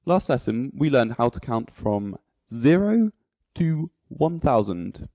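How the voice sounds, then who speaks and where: A man teaching an English lesson, slowly spelling out numbers and repeating each one for learners to copy. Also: medium pitch, big pitch swings, mellow, no room sound. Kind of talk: slow, deliberate English lesson.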